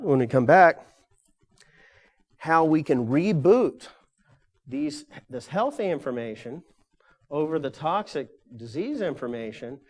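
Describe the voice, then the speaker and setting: An older man giving a live lecture to an audience, rambling along with frequent fillers and self-corrections. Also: a little high.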